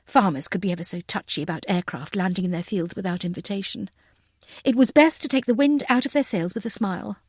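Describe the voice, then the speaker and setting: A woman narrating a novel in the first person, in a wry, lively storytelling manner. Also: mid-range voice, brisk, slightly rough, dry recording, studio quality. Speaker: audiobook narrator.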